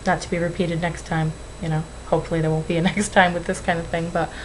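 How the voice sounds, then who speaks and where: A woman's voice: on the low side, flat delivery, fast talker, a little hiss or hum, low-quality recording. Rambling, nervous young woman on webcam. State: tearful. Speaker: weight-loss vlogger. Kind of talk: emotional webcam vlog.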